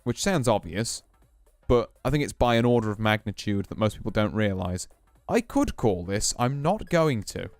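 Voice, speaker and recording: Smooth low-voiced male poker streamer. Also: moderate pace, no room sound, faint music behind. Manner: relaxed, musing, explains hands as he plays. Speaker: VTuber streamer. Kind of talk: casual poker play commentary.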